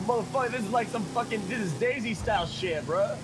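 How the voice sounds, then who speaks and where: A man's voice: high-pitched, brisk, background noise. A young man in casual role-play banter, rambling and hesitant with lots of fillers. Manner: rambling, hesitant, laid-back.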